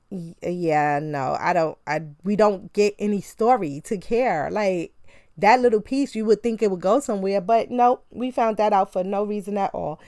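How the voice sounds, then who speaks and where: A woman speaking gives a casual, chatty movie review, mid-pitched and laughing between lines. She mimics the characters with sarcastic flair. The recording is dry, with no room sound. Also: mellow, no room sound. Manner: chatty, laughing, sarcastic, acts out quotes from the film.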